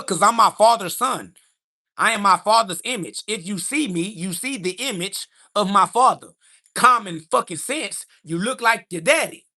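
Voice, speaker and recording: Brash, gravelly-voiced man preaching on a livestream. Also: high voice, sharp tone. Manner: brash, profane, preachy, slangy. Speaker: livestream host. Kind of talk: livestream monologue answering chat comments.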